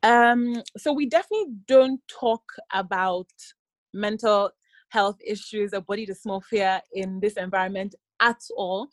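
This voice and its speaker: A woman's voice: medium pitch, no room sound, rough recording. A woman who runs an aesthetic clinic, answering interview questions thoughtfully with frequent fillers and restarts. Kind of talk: interview answer, casual explanation. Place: clinic in an African country.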